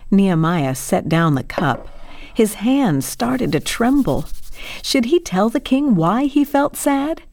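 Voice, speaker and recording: A woman narrating a children's Bible storybook in a cheerful, expressive way, speaking to young listeners. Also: medium pitch, slow, dry recording.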